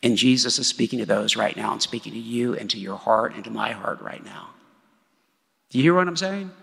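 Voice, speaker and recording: Gravelly preacher in an echoey hall. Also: male voice, mid-range voice, fairly quick, sharp tone. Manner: conversational, with frequent "right?" tags. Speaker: pastor. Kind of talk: sermon. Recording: long hall reverb.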